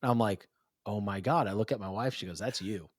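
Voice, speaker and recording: A man in his thirties hosting a podcast, animated and chatty in casual conversation, calling his guest "dude". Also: lowish voice, fast, no room sound, clean studio sound. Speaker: podcast host.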